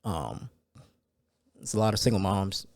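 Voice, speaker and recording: A man hosting a solo podcast in a loose, conversational way, full of fillers and sudden excited rants. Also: sits low, a little slow, gravelly, no echo, clean studio sound. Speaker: podcast host. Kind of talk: casual solo podcast talk.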